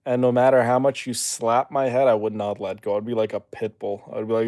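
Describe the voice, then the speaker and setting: A man's voice: mid-range voice, monotone, fairly quick, no room sound, studio quality. Playful young man chatting with viewers. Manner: playful teasing, lapses into soft reassurance. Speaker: streamer reading chat. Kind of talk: casual chat with viewers.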